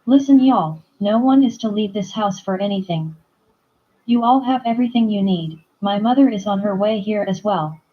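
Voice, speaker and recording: A woman's voice: mid-range voice, animated, moderate pace, husky, muffled recording. A woman reading the lines of a brusque, protective male leader who gives curt orders. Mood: commanding. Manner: curt, commanding, profane.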